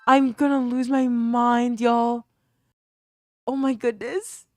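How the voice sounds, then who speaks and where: A young woman hosting a live stream, chatting excitably with her viewers, swearing freely, and thanking them for gifts. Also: fairly high pitch, slow pace, no echo, studio quality, faint music behind. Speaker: livestream host. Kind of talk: casual stream chat.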